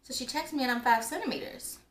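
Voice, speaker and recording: A woman's voice: high-pitched, fast. A young woman telling a personal story in a casual, chatty way, with lots of filler words. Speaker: vlogger. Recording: roomy echo, faint background noise.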